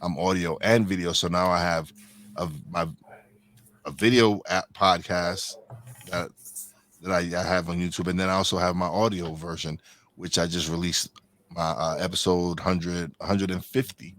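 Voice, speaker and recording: A man's voice: sits low, steady tone, normal speed, a bit bright, a little hiss or hum. A man hosting a podcast, chatting casually and rambling through many restarts and self-corrections. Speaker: podcast host. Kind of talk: casual interview chat.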